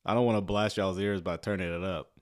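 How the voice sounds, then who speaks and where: A man casually commenting on a church video, joking and talking in a relaxed, slangy way. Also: deep voice, quick pace, faint music behind. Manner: laid-back, joking, Southern US slang like "y'all".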